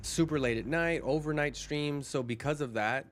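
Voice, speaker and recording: A man's voice: on the high side, normal speed, faint music behind. A man streaming live, chatting casually with viewers and answering comments in a rambling way. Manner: chatty, rambling, restarts and repeats words while answering chat.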